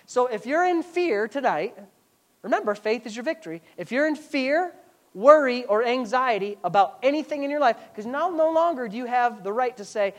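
A woman pastor preaching a sermon with a sarcastic, animated delivery. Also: a little high, normal speed.

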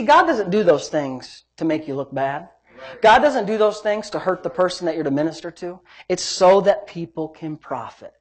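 A man preaching a sermon, telling a personal story and swinging between loud exhortation and quiet, hushed storytelling. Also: high voice.

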